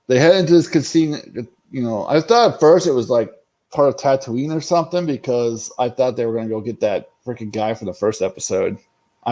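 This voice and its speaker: A man's voice: on the low side, mellow. A man hosting a casual livestream recap, rambling and swearing freely as he talks to his chat. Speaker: livestream host recapping a show episode. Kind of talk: casual unscripted live-stream chat.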